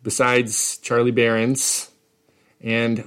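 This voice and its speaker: A woman's voice: very deep voice, big pitch swings, normal speed. A young woman from Wisconsin co-hosting a casual podcast, rambling, breaking off her own sentences and laughing often. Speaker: podcast co-host. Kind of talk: casual chat.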